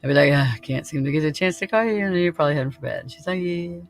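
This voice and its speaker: A man's voice: a little high, rapid-fire, vocal fry, faint music behind. A man hosting a podcast in casual chat, laid-back and laughing often, swearing freely. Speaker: podcast host.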